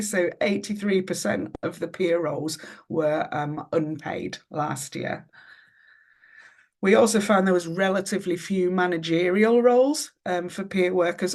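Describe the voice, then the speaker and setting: A researcher presents survey findings on a webinar, going through figures from slides point by point, heard through a computer microphone. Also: medium pitch.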